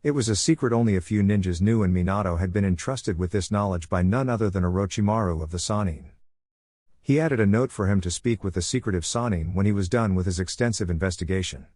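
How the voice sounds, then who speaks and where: A man reading a fan fiction story aloud in a steady narration. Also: deep voice, fast, no room sound, studio quality.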